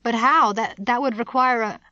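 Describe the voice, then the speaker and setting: A woman voicing a brash, blustering male weapons engineer who talks loud and gruff and is quick to shout, in an audiobook. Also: very high-pitched, no echo, muffled recording, pitched above the performer's own voice, full character voice. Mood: alarmed. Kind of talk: audiobook character voice.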